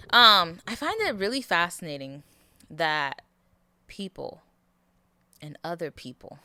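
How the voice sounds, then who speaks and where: A woman's voice: low voice, sharp tone. A tired young woman hosting her solo podcast from her bed, rambling and laughing, holding the mic close to her mouth. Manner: chatty, rambling, laughs often. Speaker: podcast host. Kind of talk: casual solo podcast chat. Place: in bed at home. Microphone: handheld mic held close to mouth.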